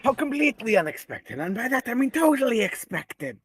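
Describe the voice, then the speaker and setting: A man's voice: extremely high pitch, sing-song, fairly quick, a bit bright, breathy edge, no room sound, voice pushed up, full character voice. A man voicing a theatrical cartoon mad scientist, a middle-aged male villain, with a nasal, overblown villain accent. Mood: gloating.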